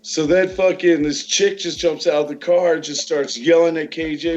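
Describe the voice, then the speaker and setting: A man's voice: a little high, steady tone, moderate pace, hardly any pauses, lo-fi sound. A man telling a rowdy story in casual chat, laughing and swearing often. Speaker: podcast regular.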